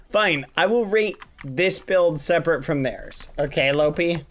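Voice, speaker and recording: A man with a fairly high-pitched voice speaks slowly while hosting a building game on stream. In casual livestream commentary, he chats and jokes with the players and encourages them.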